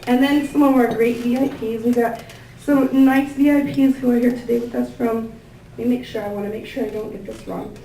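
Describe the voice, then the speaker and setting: A woman giving a thank-you speech at a gathering, introducing guests with warm, gushing words and many fillers. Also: on the high side, steady tone, fairly quick. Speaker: event organizer introducing staff and guests. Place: large indoor room with tables. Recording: echoey room, picked up from a distance, faint ambient noise.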